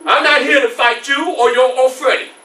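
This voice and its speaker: A man's voice: very high voice, fairly even intonation, normal speed, sharp tone. A male reenactor voicing a burly, blunt enslaved woman who refuses to fight, in a one-man stage show. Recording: roomy library room, mic far off.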